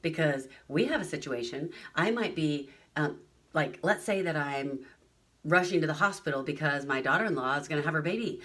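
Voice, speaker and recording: A woman's voice: sits low, animated, moderate pace, a bit bright, far from the mic. A middle-aged woman giving an earnest motivational talk at a retreat, telling personal stories and acting out the voices of others. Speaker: retreat speaker.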